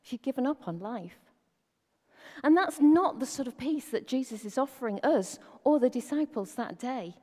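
A woman preaching a sermon in an easy, conversational way, with rhetorical questions tossed to the congregation. Her voice sits fairly high but sounds mellow and soft-edged. It rings out with a long reverb, as if in a large hall. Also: lively intonation, normal speed.

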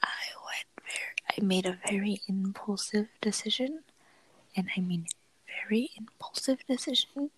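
Breathy young woman podcast host, giggly and rambly, medium pitch. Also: unhurried, fairly bright tone, rough recording. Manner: giggly, rambling with many fillers. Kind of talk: casual chat.

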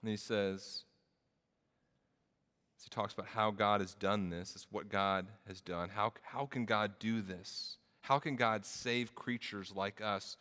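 A man's voice: fairly low pitch, steady tone, a little slow, sharp tone, big-room sound. A man preaching a sermon, telling a story and then building to emphatic preaching. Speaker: pastor.

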